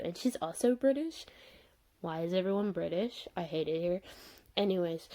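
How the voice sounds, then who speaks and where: A woman's voice: fairly low pitch, normal speed, darkish tone. A young woman ranting through a casual video review, exasperated and rambling, with lots of fillers. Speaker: vlogger reviewing a show.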